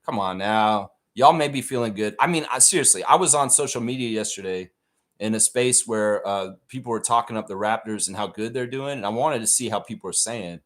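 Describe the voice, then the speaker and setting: A man's voice: fairly low pitch, fairly quick. A man hosting a live stream, chatting casually and ranting with plenty of swearing. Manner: profane, animated rant reading chat.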